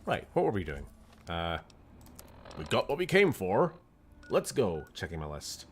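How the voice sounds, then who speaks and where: A man's voice: sits low, huge pitch swings, a little slow, slight background noise. A man with a Scottish accent giving casual, muttering, sweary commentary while streaming a game. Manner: swears often, mutters to himself. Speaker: gaming streamer.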